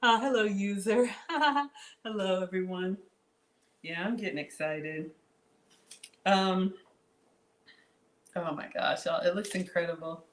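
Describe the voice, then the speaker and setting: A woman's voice: medium pitch, slow, long pauses. Chatty woman hosting a kitchen livestream. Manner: chatty, talks straight to viewers, reads out comments. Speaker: cooking channel host. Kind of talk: live-stream cooking chat. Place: home kitchen.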